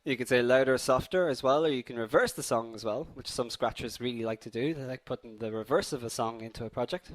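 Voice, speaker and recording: A man's voice: mid-range voice, quick pace, few pauses. A young man hosting a live online coding tutorial, upbeat and chatty, addressing viewers as guys while a slight cold affects his voice.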